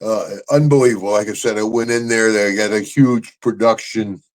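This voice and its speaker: A man's voice: fairly low pitch, steady tone, normal speed. An older man, a retired wrestler hosting his own show, telling stories in casual chat, boisterous and laughing often.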